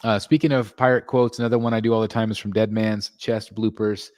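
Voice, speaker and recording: A man hosting a casual collecting live stream from his home, reading viewer comments aloud and thanking members, his voice jumping up when he gets excited. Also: fairly quick, no room sound, studio quality. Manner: excitable, jumps in pitch when greeting members. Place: home room.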